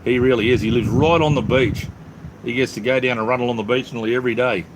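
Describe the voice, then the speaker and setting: A man's voice: mid-range voice, fairly even intonation, fast talker, slight background noise, low-quality recording. An Australian man hosting a casual live chat from his workshop, easygoing and calling everyone mate. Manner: laid-back, calls everyone mate. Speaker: livestream host. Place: home workshop.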